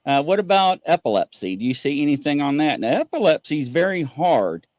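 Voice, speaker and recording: A man's voice: a little high, big pitch swings, a little fast, a little mellow, no echo. A man hosting a live call-in stream, chatting in a rambling, folksy way and reading viewers' questions aloud. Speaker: host of a live call-in show. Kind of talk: casual live-stream chat.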